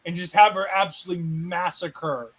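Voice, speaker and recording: A man's voice: high voice, steady tone, normal speed, a bit bright, rough recording. A man co-hosting a casual wrestling recap, retelling scenes with sarcastic asides and acted-out quotes. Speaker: co-host.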